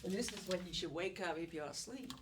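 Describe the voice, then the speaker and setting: A woman instructor giving an economics lecture in a classroom, animated and repeating key words as she coaxes her students. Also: on the low side, fast. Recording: distant classroom recording with background noise.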